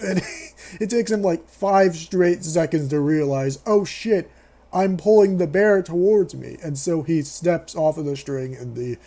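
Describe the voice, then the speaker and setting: A man's voice: on the high side, dark tone. A young man giving a casual, sarcastic, profane rant as a movie reviewer, laughing often.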